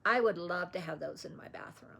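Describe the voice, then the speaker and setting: A woman's voice: fairly low pitch, fairly quick, gravelly, sharp tone, slightly rough. A woman vlogger chatting casually about her stitching patterns, rambling and interrupting herself as she searches. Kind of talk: casual show-and-tell chat.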